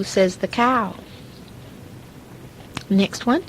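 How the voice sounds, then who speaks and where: An older woman, a grandmother, reading nursery rhymes aloud to a toddler in a slow, deliberate, sing-song way. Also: medium pitch, slight background noise, rough recording.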